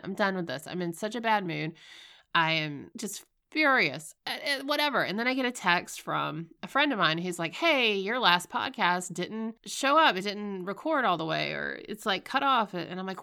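A woman's voice: on the low side, lively intonation, normal speed, creaky, sharp tone. A woman in her forties hosting a casual solo podcast, sounding stuffy and nasal, talking candidly, swearing and laughing at herself as she tells stories. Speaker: podcast host.

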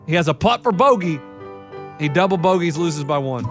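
High-voiced man, excitable sports banter. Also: moderate pace, music in the background. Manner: excited storytelling, rising to loud outbursts.

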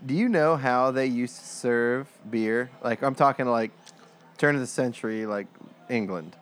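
A man co-hosting a casual beer review chat, relaxed, telling stories and cracking dry jokes. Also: mid-range voice, normal speed. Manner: relaxed, dry joking, storytelling.

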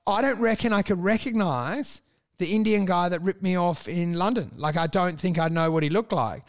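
A young man telling stories in a casual podcast chat, animated and swearing freely. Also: sits high, creaky. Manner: animated storytelling, swearing, quick laughs.

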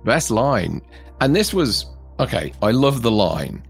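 A man co-hosting a casual film review chat, animated and laughing often. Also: mid-range voice, slow pace, creaky, slightly rough, faint music behind. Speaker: co-host.

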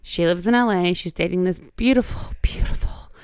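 A woman's voice: on the low side, a little fast, a little mellow, clear, resonant tone, no echo, studio quality. A woman co-hosting a casual chat, swearing freely, laughing often and telling stories with energy. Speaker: podcast co-host.

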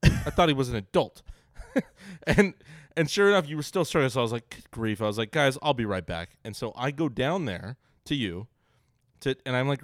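A young man with an expressive mid-range voice speaks at a moderate pace on a dry, clean studio recording. He co-hosts a podcast, ribbing his friend and acting out the quotes in a story, in a casual, bantering exchange.

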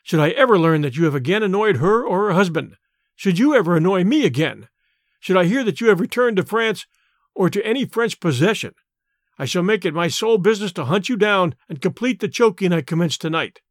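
A man's voice: high-pitched, lively intonation, a little fast, dry recording. Storybook hero: a powerful, cold, threatening man, voiced by a male reader; dry, close. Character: powerful wild-raised man, cold and deadly.

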